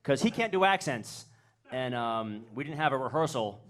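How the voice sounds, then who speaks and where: A man's voice: mid-range voice, lively intonation, normal speed, fairly bright tone. A man doing a rambling, self-mocking stand-up set on a comedy stage into a handheld mic.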